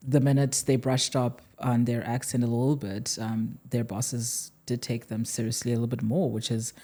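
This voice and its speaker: A woman's voice: a bass voice, little pitch movement, normal speed, mellow. A woman from South Africa with a South African English accent, co-hosting a podcast in a casual, reflective way and thinking aloud as she talks. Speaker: podcast co-host. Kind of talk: casual conversational podcast chat.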